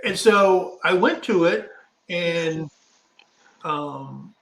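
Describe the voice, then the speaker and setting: Man, middle-aged, slow unhurried delivery, slightly high voice, rambling storyteller, echoey room. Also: lively intonation, vocal fry, a bit bright. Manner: rambling anecdotal, acts out quotes. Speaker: co-host of a live talk show. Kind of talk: casual storytelling chat.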